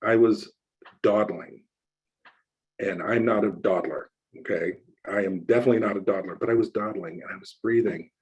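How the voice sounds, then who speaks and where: A male minister telling a personal story in a relaxed, conversational sermon, acting out the voices of the people he quotes. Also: fairly low pitch, moderate pace, husky, dull audio.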